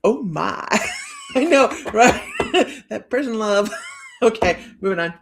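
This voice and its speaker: A woman hosting a live stream in a loose, casual way, joking and breaking into laughter again and again. Her voice has a gravelly fry to it. She trails into restarts as she chats along. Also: medium pitch, animated, slow pace, background noise. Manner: joking, giggly, laughs often between lines; chatty, with frequent restarts.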